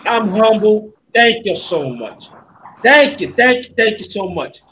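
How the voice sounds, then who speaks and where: A man hosting a casual livestream panel, talking in an animated, slangy way, joking and scolding his guests. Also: sits high, measured pace, slight background noise, low-quality recording.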